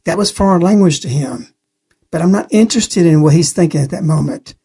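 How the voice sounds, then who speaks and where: A man's voice: a little high, a little fast, mellow, slightly rough. A man giving an earnest spoken testimony on a religious radio program, telling the story plainly and repeating key phrases.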